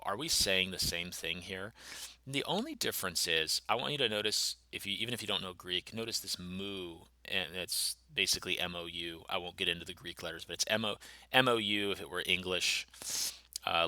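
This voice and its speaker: A man's voice: sits low, bright, forceful tone, dry recording. A man, a pastor, thinking aloud through a Bible passage, musing and explaining its grammar step by step.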